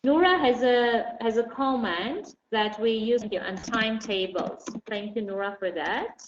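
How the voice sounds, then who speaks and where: A woman teaching an online English lesson. She explains patiently and slowly, with many fillers. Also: a little high. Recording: dull roomy recording, faint noise.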